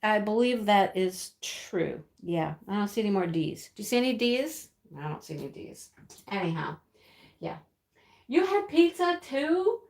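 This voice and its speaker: A woman's voice: medium pitch, very animated, unhurried. A woman hosting a casual craft live stream, chatting and greeting viewers one by one with frequent laughs. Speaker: livestream host. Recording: echoey room, own speakers feeding back.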